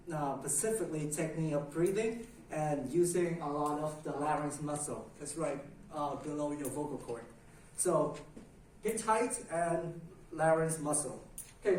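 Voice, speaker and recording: A man's voice: a little high, darkish tone, heavy reverb. Young man, classroom presentation, hesitant with fillers, far from the mic, faint room noise. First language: Vietnamese. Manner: hesitant, with many fillers, calls out tones for the class to repeat. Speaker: student presenter.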